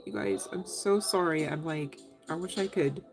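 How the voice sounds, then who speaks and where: Woman, low voice, tarot reader, chatty, laughs often, casual live stream, faint music under her. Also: normal speed, creaky. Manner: chatty, giggly, talks straight to viewers.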